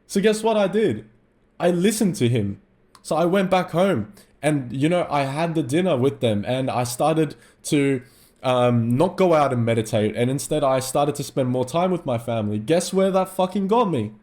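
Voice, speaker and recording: A man's voice: fairly high pitch, lively intonation, moderate pace, darkish tone. A young man with an Australian accent giving an intense, profane motivational monologue to camera. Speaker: mindset vlogger.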